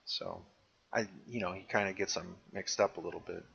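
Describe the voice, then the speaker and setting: A man's voice: sits low, a little fast, creaky, a bit bright, husky. A man co-hosting a podcast, chatting casually and joking as he recaps scenes of a show. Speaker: podcast co-host. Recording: dull lo-fi recording.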